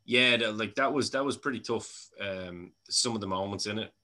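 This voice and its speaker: A man's voice: lowish voice, normal speed, bright, forceful tone. An Irish man hosting a podcast interview, chatty and casual, laughing often and swearing freely. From Ireland. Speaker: podcast host.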